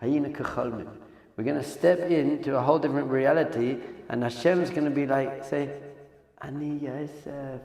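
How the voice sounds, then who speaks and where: A man, a rabbi, giving an animated Torah class, swinging between hushed lines and loud exclamations. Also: mid-range voice, a little fast, creaky. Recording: echoey hall sound effect.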